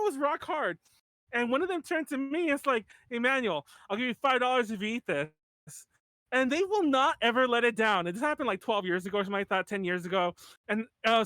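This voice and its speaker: A man's voice: high-pitched, fairly bright tone, no echo. A man in his thirties hosting a podcast in casual chat, rambling with lots of "like" and restarts and laughing often. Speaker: podcast host.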